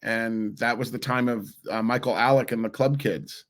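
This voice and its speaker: Guest voice: man, 40s, New Jersey-raised, lively rambling storyteller, mid pitch. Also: moderate pace. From New Jersey, USA. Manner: animated, rambling, many restarts. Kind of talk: casual interview storytelling.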